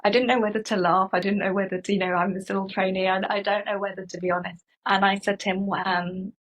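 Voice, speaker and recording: Woman telling a story, husky. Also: mid-range voice, quick pace, rough recording. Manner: animated, acts out quoted dialogue. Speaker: guest. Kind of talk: conversational storytelling.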